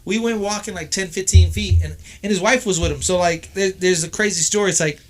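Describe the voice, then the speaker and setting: A man from Texas, a podcast guest, telling stories in casual chat: boisterous, profane, and often shouting. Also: high-pitched, fairly quick.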